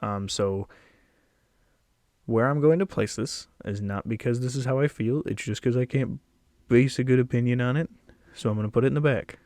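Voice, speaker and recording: A man's voice: medium pitch, moderate pace, a little mellow, no room sound, studio quality. A young man chatting casually as he ranks snacks, a little out of breath, rambling with small laughs. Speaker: video creator ranking snacks. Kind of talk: casual tier-list commentary. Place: at home, sitting.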